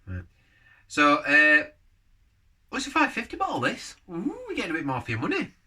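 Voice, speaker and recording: A man's voice: a little high, huge pitch swings, a little fast, sharp tone, slightly rough. A man casually reviewing a beer on camera, rambling from one thought to the next and giving blunt verdicts. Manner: rambling, jumps between topics.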